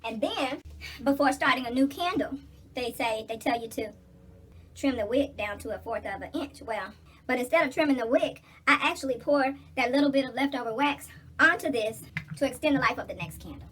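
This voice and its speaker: A middle-aged woman talks straight into the camera while she does her hair, blunt, preachy and swearing freely. Her voice is husky and sits a little high. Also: fairly quick, fairly bright tone. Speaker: vlogger. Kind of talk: casual get-ready-with-me chat.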